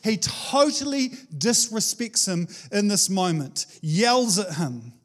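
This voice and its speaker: A male preacher giving a casual, conversational sermon, animated and chatty, with frequent restarts. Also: sits high, slow pace.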